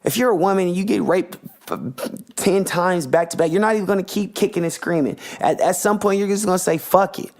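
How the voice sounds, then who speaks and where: A man's voice: high voice, a little fast, darkish tone. A man hosting a podcast, ranting in a passionate, profane, slangy monologue. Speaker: podcast host.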